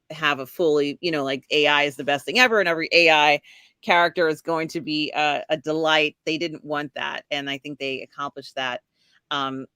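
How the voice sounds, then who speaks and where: A woman's voice: sits low, bright, forceful tone, smooth, no echo, clean studio sound. A woman hosting a casual live stream, rambling with many fillers, often laughing as she talks. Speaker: podcast host.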